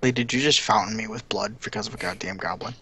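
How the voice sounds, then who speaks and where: A man's voice: fairly low pitch, quick pace, bright, forceful tone. A man playing a tabletop game, joking and teasing the other players. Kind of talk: casual tabletop game chat.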